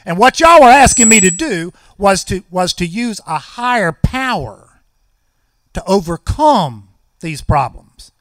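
Guy telling his recovery story, high lively voice, dry close sound. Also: measured pace, no room sound. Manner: folksy storytelling with wry humor. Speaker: recovery meeting speaker.

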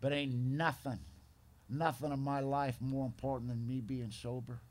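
A man speaking at a recovery meeting, telling his story bluntly, with rough slang and gruff humor. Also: mid-range voice, level tone, moderate pace, a little mellow. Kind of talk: storytelling talk.

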